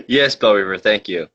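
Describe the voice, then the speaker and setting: His voice is on the low side yet bright and forceful. Hosting a comedy talk show livestream, he chats casually, reads out viewer comments and rambles through mock-conspiratorial jokes, recorded on a dull lo-fi mic.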